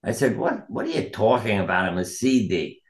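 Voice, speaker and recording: A man's voice: fairly low pitch, sing-song, moderate pace, echoey room. A man, a doctor and author, telling earnest stories from his practice in an interview and quoting the people in them. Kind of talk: reflective interview storytelling.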